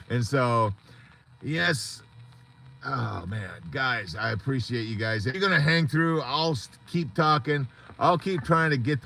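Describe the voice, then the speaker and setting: A man's voice: fairly high pitch, pushed and bright. A man hosting a support group on a live stream, talking in an earnest, rambling, motivational way.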